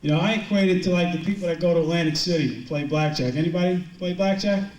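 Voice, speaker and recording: A man's voice: a little high, fast, darkish tone. Joking man on stage in a roomy hall. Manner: joking, rambling storyteller with many restarts. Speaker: motivational speaker. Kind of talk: live stage talk to a business audience. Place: large event hall with a live audience. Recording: roomy, distant hall mic with crowd laughter.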